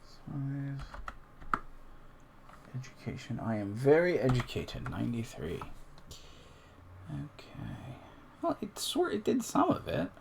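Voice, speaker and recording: A man's voice: medium pitch, wildly swooping pitch, slow pace, creaky, pauses often, darkish tone. Guy streaming a solo tabletop game, muttering numbers to himself, voice swoops way up and down, faint hiss behind. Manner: mutters and reads numbers aloud to himself, chatty asides to the stream chat. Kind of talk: casual thinking aloud while filling in a character sheet.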